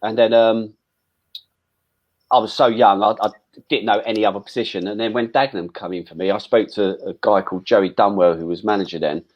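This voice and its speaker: A middle-aged man recounting his playing days in a relaxed, rambling way. His voice sits a little low, and he trips over restarts and drops the odd swear word. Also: fairly quick, lo-fi sound. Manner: chatty, frequent restarts and "um"s, swears casually. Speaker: former footballer guest. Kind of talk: casual interview storytelling.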